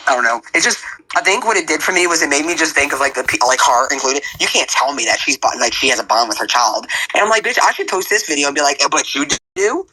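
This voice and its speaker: Husky fast-talking man, blunt and profane. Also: a little high, lively intonation, bright, forceful tone, low-quality recording. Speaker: commentator. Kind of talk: casual commentary.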